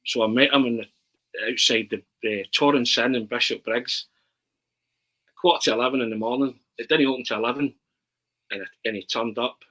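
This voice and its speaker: A Scottish man telling stories in a casual chat as a podcast guest, animated and constantly checking in with his listener. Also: medium pitch, normal speed, long pauses, rough recording. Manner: animated, keeps asking "right?". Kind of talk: casual storytelling.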